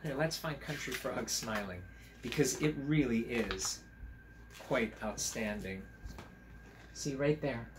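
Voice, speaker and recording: A teacher reads a picture book aloud to children in a soft, gentle voice, with a middling pitch for a man. He keeps pausing to chat about the pictures and his own pets. A faint noise sits under the voice. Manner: gentle, chatty, pauses to point out pictures. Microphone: camera.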